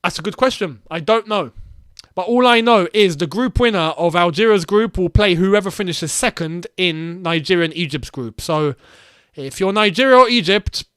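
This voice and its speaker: A young man hosting a live football watchalong, reacting excitedly to play and reading viewer comments aloud. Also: sits high, moderate pace, clean tone, no room sound, studio quality. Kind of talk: live match commentary and chat.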